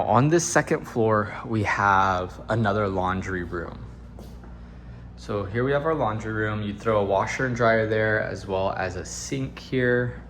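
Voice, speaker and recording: A fairly low-voiced man talks casually as he walks through an empty home as a real estate agent. His tone is upbeat and chatty, with joking asides. A faint hum of the room sits behind him. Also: fairly bright tone. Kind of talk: casual walk-through tour narration. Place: indoors in an empty house, walking room to room.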